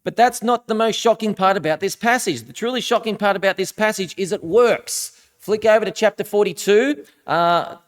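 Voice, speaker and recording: A man's voice: sits high, normal speed, hardly any pauses. A male minister preaching a sermon in a conversational way, reading scripture aloud with dramatic emphasis.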